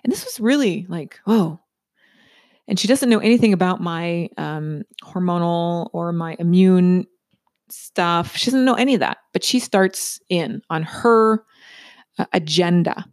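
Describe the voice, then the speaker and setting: A middle-aged woman talks through a personal story in a loose, chatty way, tossing in "right?" again and again. Her voice has a gravelly, fry-laden edge. The recording is dry and close, with no room sound. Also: lowish voice, unhurried, no echo. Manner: chatty, asks "right?" often.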